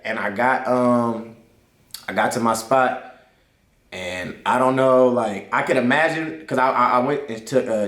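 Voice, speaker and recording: A man's voice: mid-range voice, fairly bright tone. A young man animatedly telling a personal story in casual slang, leaning on "I'm like" to replay the scene. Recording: roomy echo.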